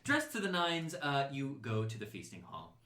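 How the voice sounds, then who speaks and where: A man narrating a tabletop fantasy game as dungeon master, telling scenes in a lively way. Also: medium pitch, moderate pace, roomy sound, a little hiss or hum. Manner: animated, lively storytelling with laughs.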